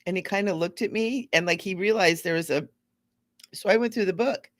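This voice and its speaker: Gentle rambling woman, dry close sound. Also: mid-range voice, fairly quick, dry recording. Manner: rambling, gentle, repeats words for emphasis. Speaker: spiritual teacher hosting a live stream. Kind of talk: casual spiritual talk.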